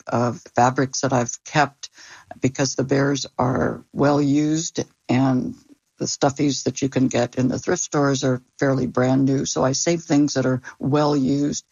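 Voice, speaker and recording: Woman toy repairer, gravelly husky voice, rambling chatty interviewee, dry lo-fi recording. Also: very deep voice, darkish tone, dry recording. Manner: chatty, rambling with fillers and restarts. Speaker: teddy bear repairer. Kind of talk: casual interview.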